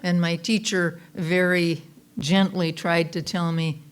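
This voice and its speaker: A woman's voice: lowish voice, level tone, takes it slowly, clean tone. Folksy woman reverend telling stories. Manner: folksy storytelling with personal anecdotes; warm, chatty, with frequent fillers and restarts. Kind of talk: Sunday talk sermon.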